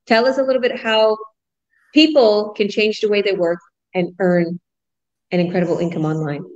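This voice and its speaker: Bubbly canadian mom type hosting a live call, excited and laughy, audio a bit dull. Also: female voice, mid-range voice, normal speed. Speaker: host. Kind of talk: casual live chat.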